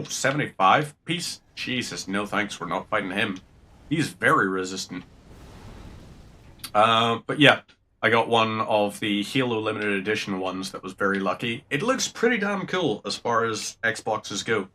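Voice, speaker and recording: A man's voice: fairly low pitch, pushed and bright. A young man with a Northern Irish accent chatting casually and rambling while he streams a game, swearing now and then. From Northern Ireland. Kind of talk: casual gameplay chat.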